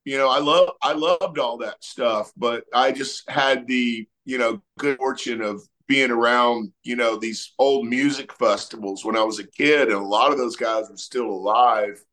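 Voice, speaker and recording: A man's voice: medium pitch, unhurried, hardly any pauses. A middle-aged man, a musician talking casually in an interview and telling stories loosely with many fillers. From Texas. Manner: relaxed storytelling, many fillers. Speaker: musician guest.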